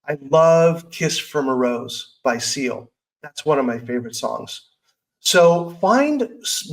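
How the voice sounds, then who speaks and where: A man's voice: a little high, rough recording. A middle-aged man hosting a personal growth podcast, speaking earnestly and candidly in a conversational way. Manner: earnest, candid, conversational with self-talk asides. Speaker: podcast host. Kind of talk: personal motivational talk.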